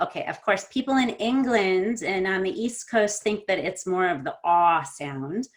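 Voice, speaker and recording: A woman teaching an online pronunciation class, explaining sounds and slowly demonstrating word pairs. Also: mid-range voice. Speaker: accent coach.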